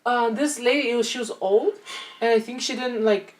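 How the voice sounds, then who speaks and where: A woman's voice: on the high side, moderate pace. A young woman co-hosting a podcast, telling a story in a casual chat, rambling with many fillers and laughing now and then. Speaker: podcast co-host.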